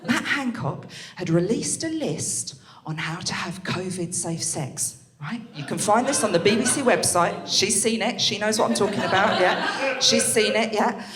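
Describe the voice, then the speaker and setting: With a crowd audible behind her, a young woman works a club stage with a handheld mic, her medium-pitched voice at a moderate pace. The stand-up is brash, crude and lively, with bursts of laughter, in an echoey room.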